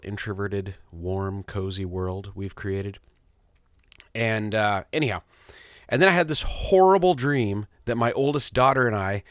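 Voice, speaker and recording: A middle-aged man hosts his own podcast in a loose, rambling monologue. His low voice swings widely as he tells stories, often amused at himself. The sound is close and dry, from a small studio. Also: a bit bright, dry recording. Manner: rambling, self-amused storytelling. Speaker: podcast host. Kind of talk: casual monologue.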